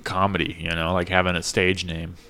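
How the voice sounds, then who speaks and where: A man's voice: low voice, little pitch movement, a little fast, pushed and bright. A man hosting a podcast, chatting casually in a laid-back way and often chuckling. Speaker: podcast host. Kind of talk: casual chat.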